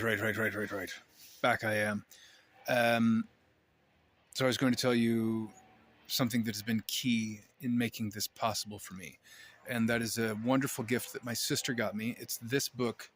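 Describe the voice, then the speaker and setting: A man's voice: medium pitch, steady tone, moderate pace, fairly bright tone, a little hiss or hum. A man talking casually to his camera at home, rambling and wry, often breaking off mid-sentence. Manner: rambling, self-interrupting, wry. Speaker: vlogger. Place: indoors, at home.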